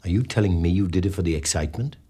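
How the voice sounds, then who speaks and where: An actor playing a blunt, skeptical police detective interrogating a suspect. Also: male voice, low-pitched, rapid-fire, mellow, husky. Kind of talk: TV police drama acting.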